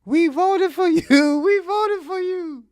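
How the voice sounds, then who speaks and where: A man putting on the voice of a tearful woman who keeps asking why in a high, wailing tone. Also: a little mellow. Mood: pleading. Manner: wailing, drawn-out questions. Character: tearful woman pleading after deportation.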